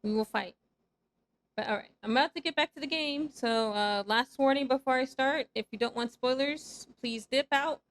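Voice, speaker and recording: Young female streamer, slightly high voice, teasing, chatty, quick to squeal and laugh. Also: a bit bright. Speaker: VTuber streamer. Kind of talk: casual live-stream chat while gaming.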